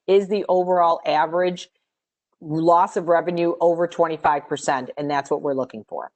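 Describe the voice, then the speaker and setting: Measured low-pitched woman presenting a webinar. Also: darkish tone. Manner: measured, explanatory, with pauses and fillers. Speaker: grant program presenter. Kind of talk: webinar Q&A answers.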